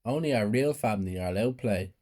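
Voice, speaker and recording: A man's voice: on the low side, animated, quick pace, a little mellow. A man voicing a snide little sister who shuts her brother out. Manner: snide, dismissive.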